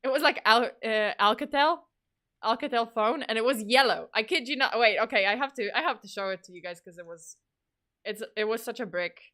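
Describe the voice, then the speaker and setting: A woman in her thirties from Poland chats on her livestream in a loose, rambling way. She swears freely and laughs often. Her voice is bright and sits a little high. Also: fairly quick. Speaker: streamer. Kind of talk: casual livestream chat.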